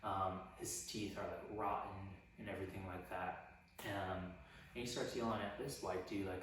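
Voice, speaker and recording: Low, flat-voiced man telling a story. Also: a little fast, distant mic, slight background noise. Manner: relaxed, rambling, frequent "like" fillers. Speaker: vlogger recounting a personal story. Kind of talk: casual spoken storytelling. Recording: echoey room, voice off mic.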